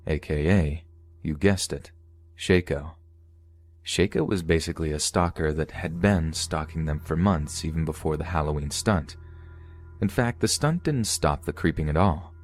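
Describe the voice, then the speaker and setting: A man reading a creepy first-person story aloud in a steady storytelling delivery. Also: rumbling low, a little slow. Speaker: story narrator.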